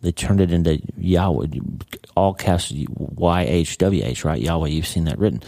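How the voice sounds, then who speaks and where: Middle-aged male podcast host, deep mellow voice, casual devotional teacher, conversational. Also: normal speed, creaky, no echo. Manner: conversational, with frequent "okay?" and "right?" tags.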